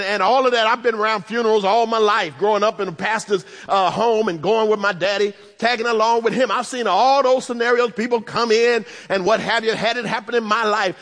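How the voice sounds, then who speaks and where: A man preaching a sermon, animated, with humorous asides and bursts of shouting. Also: very high voice, big-room sound. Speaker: pastor.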